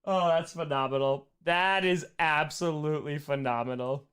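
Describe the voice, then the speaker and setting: Excitable streamer guy, high bright voice, bounces all over. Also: normal speed. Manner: excitable, hyped-up, joking.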